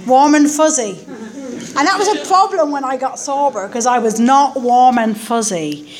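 A woman's voice: sits high, animated, normal speed. Wry Irish woman telling her story. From Ireland. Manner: wry, self-deprecating storytelling with acted quotes. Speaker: guest speaker. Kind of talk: personal story talk at a recovery meeting. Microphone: stand microphone.

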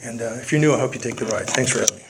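A man's voice: medium pitch, very fast, creaky, background noise. A man speaking at a recovery meeting, telling a humorous, self-deprecating story to the room.

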